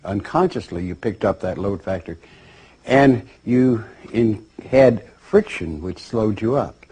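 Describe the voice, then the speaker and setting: Man lecturing, storytelling manner, mellow husky voice, lively intonation. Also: fairly low pitch, slow. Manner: storytelling, animated, with voiced characters. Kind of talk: spoken lecture with acted dialogue.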